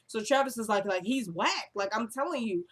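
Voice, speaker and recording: A young woman talks through a TV episode in a loose, chatty way, full of "like" and "y'all". Her voice sits a little high, and she keeps slipping into the characters' lines as she retells each scene. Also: expressive, moderate pace. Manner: uses fillers like "like" and "y'all". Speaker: vlogger recapping a TV episode. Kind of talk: casual recap chat.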